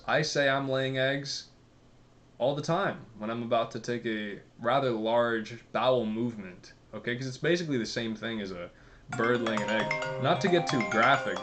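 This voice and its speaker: Man, casual ranting commentary, sarcastic, swears a lot, average pitch. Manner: sarcastic, profane, rambling. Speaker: commentary vlogger.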